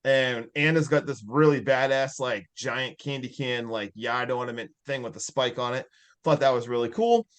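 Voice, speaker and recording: A man's voice: mid-range voice, normal speed, smooth. A man casually recapping a film as a podcast co-host, rambling with fillers and frequent laughs.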